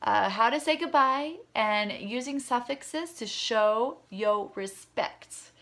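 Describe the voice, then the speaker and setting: A woman teaching a recorded beginner language lesson, speaking clearly and patiently as she leads repeat-after-me drills. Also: on the high side, animated, takes it slowly, fairly bright tone. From Utah.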